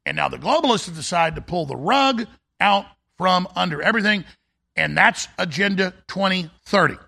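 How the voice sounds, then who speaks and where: A man hosting a talk show, ranting through a fiery political monologue. His voice is gravelly and raised high, with a bright, forceful edge. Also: expressive, normal speed.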